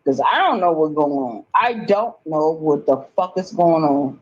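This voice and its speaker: A woman's voice: low-pitched, expressive, measured pace, highs cut off. A woman talking in an agitated, rambling monologue, emphatic and swearing often, repeating herself.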